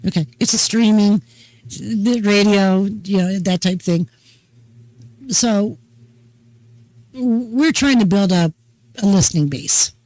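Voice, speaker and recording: An older woman hosting a casual talk show, chatting in a folksy, unhurried storytelling way. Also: medium pitch, darkish tone, poor audio. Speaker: host. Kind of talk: casual chat.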